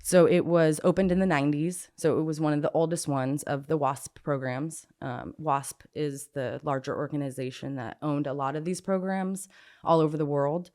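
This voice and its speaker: A woman's voice: low voice, fairly even intonation, moderate pace, darkish tone. A woman from Southern California giving an interview and recounting a personal story in casual conversation. She talks frankly and without a filter, with lots of "like" and the odd swear word. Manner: frank and unfiltered, peppered with "like" and swearing. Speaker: interview guest.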